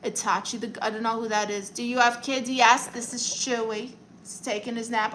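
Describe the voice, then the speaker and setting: A woman's voice: a little high, level tone, fairly bright tone, a little hiss or hum, low-quality recording. A young woman from Brooklyn with a New York accent, reading viewer comments aloud and answering them in a sassy, playful way on a casual home live stream. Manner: sassy, playful, quick comebacks.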